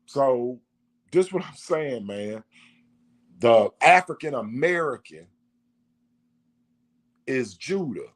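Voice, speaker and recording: A man's voice: medium pitch, expressive, takes it slowly, pauses often. A man delivering a preachy monologue, full of rhetorical questions and repetition. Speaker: vlogger.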